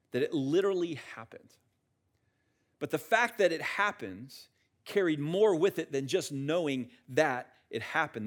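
Animated, lively-voiced male preacher. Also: a little high. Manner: animated, conversational preaching with rhetorical questions; acts out quotes of biblical figures. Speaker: pastor. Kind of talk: sermon.

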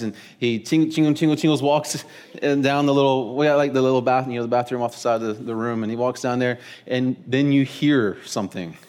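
A man's voice: mid-range voice, smooth. A man preaching a sermon to a church audience, telling a folksy story with jokes and questions to the crowd. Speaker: pastor. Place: church hall with live audience.

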